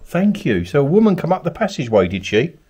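A man, from Kent, talks his way through a ghost hunt inside an abandoned cottage at night. He coaxes unseen spirits with polite questions and pleases. His pitch swings widely from high to low. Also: sing-song, fast, a little mellow, a little hiss or hum. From Kent, England. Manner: coaxing, calls out politely to spirits. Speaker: paranormal investigator. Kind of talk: ghost-hunting narration.

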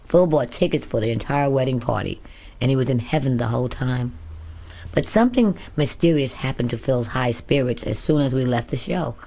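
Reading her own memoir for an audiobook, a woman speaks in a very deep, warm voice at a slightly fast pace. Her narration is candid first-person storytelling.

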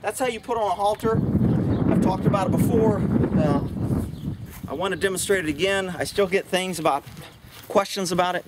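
Folksy high-voiced horse trainer outdoors. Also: male voice, fairly quick. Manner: folksy, blunt, talks gently to his horse. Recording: distant camera audio, loud outdoor noise.

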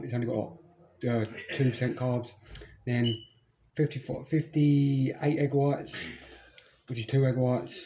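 A young man making a casual cooking vlog in his home kitchen, blunt and sweary. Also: medium pitch. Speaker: vlogger. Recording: muffled, noisy home recording. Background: household chatter and noise.

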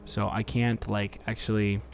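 A man's voice: on the low side, level tone, unhurried, gravelly. A man giving goofy, rambling commentary while playing a video game, his voice worn out from a day of talking, keeping it down because people are asleep and joking at the enemies on screen. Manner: rambling, jokey, talks back at game enemies. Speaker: let's play commentator.

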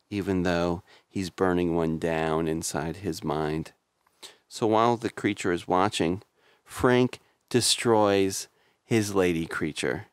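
A deep-voiced man narrates a comic retelling as a voice-over. His delivery is wry and deadpan, recorded dry and close with no room sound. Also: takes it slowly, clean tone, no room sound.

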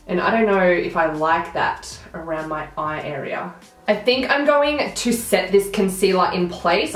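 A woman's voice: on the low side, echoey room. A young woman with a blocked nose, chatting through a makeup tutorial as she applies each product. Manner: chatty, narrating each step as she works. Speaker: beauty vlogger.

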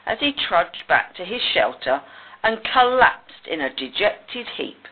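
The reader is a woman with a fairly low pitch, slowly and expressively narrating a children's picture book. It comes through a tinny recording that resembles a phone line.

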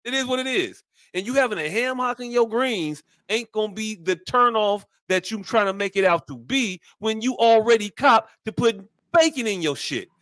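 Male podcast co-host, high-pitched, animated and profane, dry close mic. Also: normal speed, few pauses, dry recording. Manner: animated, profane, mocking put-on voices. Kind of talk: casual podcast chat.

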